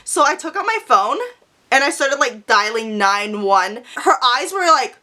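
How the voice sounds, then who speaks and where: A young woman tells a story straight to her vlog audience, brash and full of swearing. Her voice sits high and bright, and she jumps quickly from one thought to the next as she keeps it animated. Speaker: vlogger.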